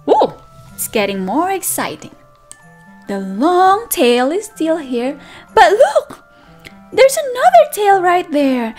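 A woman teacher reading a picture book aloud to toddlers, animated and sing-song, with excited gasps and friendly questions to the children. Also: extremely high pitch. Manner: speaks directly to young children with questions and praise. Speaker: children's teacher and channel host. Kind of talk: read-aloud storytelling for toddlers.

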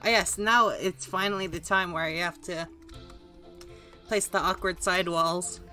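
Woman streamer, low-ish voice with a bright edge, dry sarcastic chatter over faint music. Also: steady tone, a little slow. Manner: sarcastic, self-mocking, chatty. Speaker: gaming streamer. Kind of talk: casual live gaming commentary.

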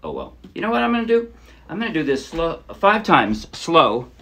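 A man's slightly high, sing-song voice at normal speed carries over loud music as he gives a chatty ukulele lesson. He covers chords and counts beats aloud while playing, the ukulele loud behind him.

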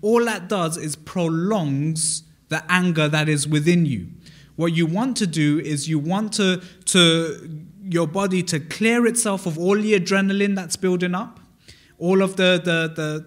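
A British man with a fairly high voice delivers a sermon in a church. He talks in an easy, conversational way, putting questions to the congregation and often restarting his sentences. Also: a little slow. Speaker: pastor. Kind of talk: interactive sermon. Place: church hall.

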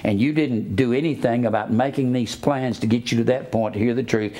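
Blunt older preacher. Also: male voice, mid-range voice, steady tone, a little fast, dark tone. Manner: blunt and scornful, teaches grammar. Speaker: pastor. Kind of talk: sermon.

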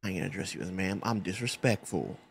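A man's voice: sits low, fast, vocal fry, a little hiss or hum. A young man streaming a game live from his home setup on a studio condenser mic. He jokes around and throws in slang like bro and bruh. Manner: brash, joking slang, says bro and bruh. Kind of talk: casual live gameplay commentary. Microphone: studio condenser mic on an arm.

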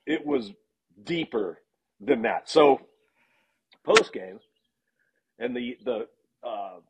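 Husky, animated man telling sideline stories. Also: lowish voice. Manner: animated anecdotes with laughs and restarts. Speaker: guest, football analyst and sideline reporter. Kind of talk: casual storytelling in a podcast interview. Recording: dull lo-fi sound.

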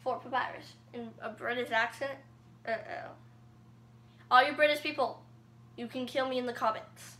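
A woman's voice: fairly high pitch, fairly even intonation, normal speed, long pauses, pushed and bright, roomy sound. A female YouTube host chatting casually and self-deprecatingly while introducing her voice impressions.

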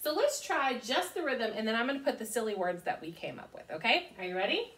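A woman's voice: fairly high pitch, very animated, fast talker, fairly bright tone. A woman teaching children a music lesson, cheerfully chanting rhythm syllables. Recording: echoey room, mic far off.

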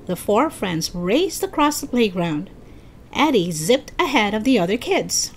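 A woman reading a children's book aloud as storyteller, with expressive narration. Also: mid-range voice, unhurried, breathy edge.

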